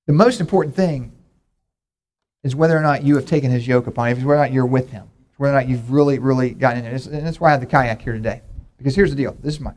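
A middle-aged man preaching a sermon, telling homey stories in a relaxed, conversational way. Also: medium pitch. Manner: conversational, folksy storytelling with props. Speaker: pastor.

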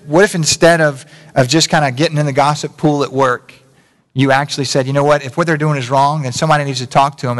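A man's voice: on the high side, a bit bright. A man preaching a conversational sermon, full of rhetorical questions and self-corrections. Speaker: pastor. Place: church sanctuary. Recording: long reverb of a church hall.

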